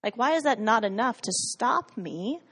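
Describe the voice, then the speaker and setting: A woman's voice: on the high side, expressive, normal speed, a bit bright, breathy edge. Chatty woman sharing her faith story. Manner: chatty, many "like" fillers, laughs often, acts out her own past lines. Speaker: guest sharing a personal faith testimony. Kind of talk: casual storytelling testimony.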